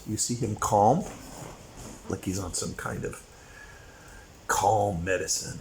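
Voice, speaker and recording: Low-voiced man ranting opinions. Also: expressive, unhurried, slight background noise, low-quality recording. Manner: opinionated, rambling, with sudden bursts of emphasis. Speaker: commentary channel host. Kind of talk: opinion monologue.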